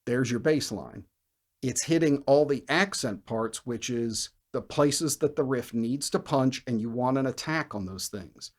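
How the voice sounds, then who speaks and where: A man teaching bass in a video lesson, who explains with energy and scats riffs and counts beats out loud. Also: expressive, unhurried.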